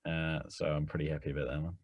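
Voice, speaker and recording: A man's voice: a bass voice, level tone, fast, no room sound. A man, the rules expert on a podcast, explaining things in a matter-of-fact way. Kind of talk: casual explanation.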